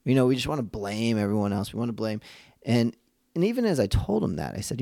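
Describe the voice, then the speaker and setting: A man's voice: mid-range voice, very animated, fast talker, vocal fry, mellow, no echo, studio quality. A man hosting a podcast for dads, talking in an earnest, reflective way, often restarting his sentences and acting out the voices of people he quotes. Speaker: podcast host. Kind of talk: casual reflective monologue.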